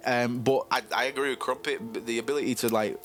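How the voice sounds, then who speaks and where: Crude rambling lad. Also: male voice, mid-range voice, steady tone, fast talker, a bit bright, soft background music. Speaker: podcast co-host. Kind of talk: casual chat.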